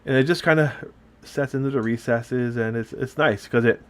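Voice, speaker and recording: A man's voice: medium pitch, moderate pace. A middle-aged man from upstate New York hosting a hobby painting video. He talks in a rambling, chatty way as he explains his work. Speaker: miniature painting host. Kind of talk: casual chat while painting.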